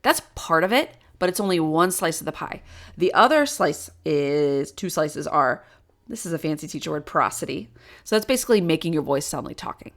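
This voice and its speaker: A woman's voice: deep voice, animated, normal speed. A woman who taught in schools, enthusiastically explaining reading skills to parents with everyday examples. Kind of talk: teaching talk to parents.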